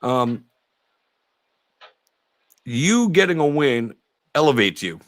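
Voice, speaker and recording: A man's voice: medium pitch, big pitch swings, slow pace, no echo. A man hosting a casual interview show, rambling with lots of fillers, swearing freely and laughing often. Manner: rambling, profane, laughs a lot. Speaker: podcast host.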